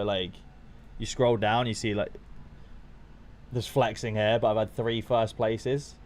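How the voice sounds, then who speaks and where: A young man chatting casually to his viewers on a live stream while watching football, swearing freely and getting excited. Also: lowish voice.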